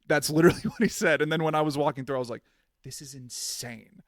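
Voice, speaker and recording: A man's voice: on the high side, fast, dry recording, clean studio sound. A man co-hosting a podcast, telling stories in a rambling, casual way with lots of filler words. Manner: rambling storyteller, full of "like". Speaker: podcast co-host. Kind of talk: casual chat.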